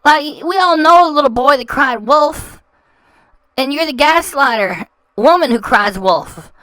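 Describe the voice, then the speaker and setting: Snarky woman host ranting over clips, trips over her words, pretty high voice, no room echo. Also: lively intonation, measured pace, bright, forceful tone. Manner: scornful, insulting, stumbles and repeats words. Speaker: reaction channel host. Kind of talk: mocking commentary over clips.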